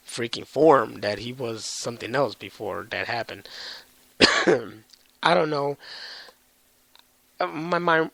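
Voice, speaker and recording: A man recaps comic storylines in loose, rambling chat and often hedges what he remembers. His mid-pitched voice has a gravelly grain. The sound is dry and close. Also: a bit bright, no room sound, rough recording. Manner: rambling, hedging, slangy. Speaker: comics reviewer. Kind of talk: casual chat.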